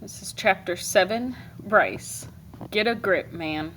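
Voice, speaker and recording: A woman teacher reads a novel aloud to her class, with a middle-pitched voice. Her delivery is expressive, with dry comic timing, and a faint hiss sits under the recording. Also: slow.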